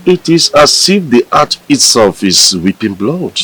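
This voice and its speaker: An actor with a Nigerian accent playing a worried village elder who talks in an anxious, dramatic, exclaiming way. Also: male voice, medium pitch, big pitch swings, measured pace, fairly bright tone, breathy edge, faint music behind, full character voice, low-quality recording. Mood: grave.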